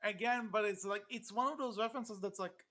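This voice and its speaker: Casual co-host, middle pitch, halting and full of fillers. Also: fairly bright tone. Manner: halting, lots of fillers and restarts. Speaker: podcast co-host. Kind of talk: casual chat.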